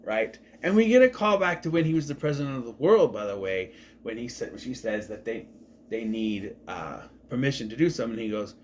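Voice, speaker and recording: A man talks through a television review in a loose, chatty way, with his pitch jumping up and down. He circles back and corrects himself as he goes. A faint hiss sits under his voice. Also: expressive, brisk. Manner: rambling and enthusiastic, often correcting himself. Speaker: TV show reviewer. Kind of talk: casual spoken review.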